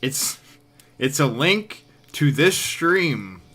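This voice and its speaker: A man's voice: fairly high pitch, big pitch swings, extremely slow, a bit bright, breathy edge. A man streaming live, giving casual, dry and sarcastic commentary.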